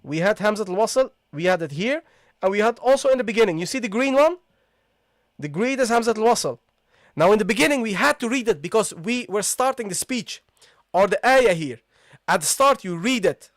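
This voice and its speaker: Man, recitation teacher, live online lesson, repeats and checks in, high pitch, dry sound. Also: dry recording. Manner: explains step by step, repeats words slowly and asks "okay, guys?".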